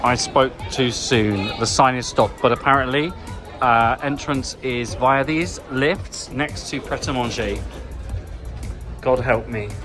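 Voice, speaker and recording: A man hosts his own travel vlog, narrating as he goes with playful, self-mocking asides and theatrical gasps. His voice sits at an ordinary middle pitch, and clear music plays under him. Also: slow pace. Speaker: travel vlogger. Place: moving through stations, an airport and a small hotel cabin.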